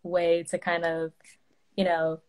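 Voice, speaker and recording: A woman's voice: lowish voice, completely flat delivery, slow, darkish tone. A woman in her twenties, a graduate student hosting a casual live video interview, friendly and full of fillers.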